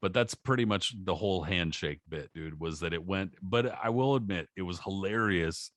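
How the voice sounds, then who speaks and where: Man, very low voice, dry close sound, casual profane podcast storytelling. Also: moderate pace, no room sound. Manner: profane, animated storytelling with acted quotes. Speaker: podcast co-host. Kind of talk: casual chat.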